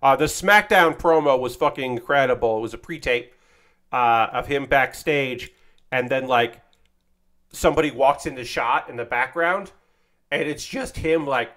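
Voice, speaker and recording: A man's voice: mid-range voice, a little slow, a bit bright. A man streaming, casually chatting while he builds a model kit, rambling with lots of fillers and a bit of swearing.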